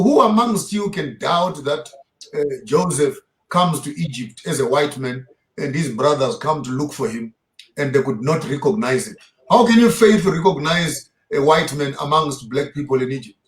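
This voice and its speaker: Male theologian guest, slightly high voice, forceful lecturing delivery, roomy echo. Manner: emphatic, lecturing, rhetorical questions. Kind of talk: impassioned interview talk.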